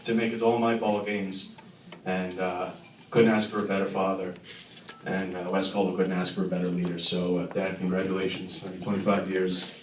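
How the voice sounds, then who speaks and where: A man's voice: low voice, flat delivery, a little fast. A young man giving an earnest, slightly emotional tribute speech to his father. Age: young adult. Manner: earnest, a little emotional, uh fillers. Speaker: mayor's son giving tribute. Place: banquet hall. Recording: echoey hall from far off, faint noise.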